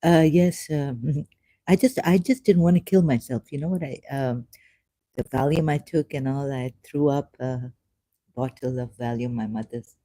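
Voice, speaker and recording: A vlogger speaking in a rambling, self-mocking monologue, sarcastic and halting, with many fillers and frequent laughs. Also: mid-range voice, warm tone, no echo.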